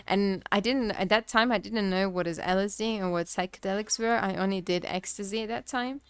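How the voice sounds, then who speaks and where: A woman's voice: medium pitch, brisk, clean tone, no room sound. Rambling young woman streamer. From Kazakhstan. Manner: rambling, heavy on fillers like "like" and "you know". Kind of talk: casual storytelling on a livestream.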